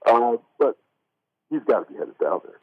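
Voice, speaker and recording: A man's voice: medium pitch, big pitch swings, normal speed, slightly rough. A man co-hosting a casual sports radio talk show, rambling with lots of restarts and fillers, heard over a tinny phone line. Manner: rambling, many restarts and "like", laughs often.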